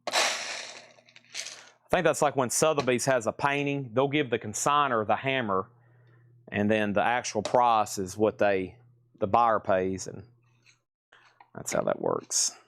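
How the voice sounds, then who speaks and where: A man's voice: lowish voice, sing-song, slow pace, pauses often, fairly bright tone, a little hiss or hum. A man hosting a live record sale in rambling, self-mocking casual chat, sounding tired and worn out. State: tired and aching. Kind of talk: casual livestream selling chat.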